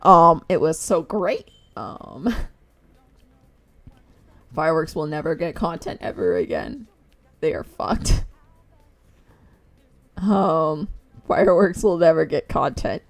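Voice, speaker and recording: A woman streamer talks casually while she draws, her voice sitting low. She giggles often and acts out quotes as she retells things. Faint music plays in the background. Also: big pitch swings, slow pace, long pauses. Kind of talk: casual chat while drawing.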